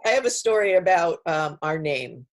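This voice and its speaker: A woman's voice: deep voice, sing-song, normal speed. A woman hosting an interview, chatty and eager to share her own stories. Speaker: host. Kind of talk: conversational interview.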